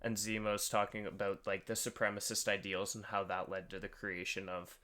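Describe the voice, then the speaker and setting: A man co-hosting a podcast, chatting casually in a relaxed, laid-back way. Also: fairly low pitch, brisk. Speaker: podcast co-host. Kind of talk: casual chat.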